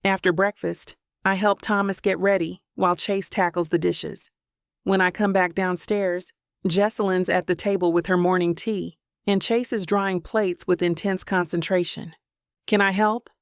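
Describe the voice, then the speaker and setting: A woman narrating a first-person romance audiobook with an intimate, even storytelling manner. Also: on the low side, moderate pace, no room sound, clean studio sound.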